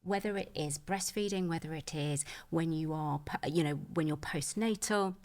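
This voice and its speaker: A woman's voice: deep voice, normal speed, a little mellow. A woman speaking as a menopause expert guest on a podcast, earnest and reassuring, with plenty of "you know". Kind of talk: podcast conversation.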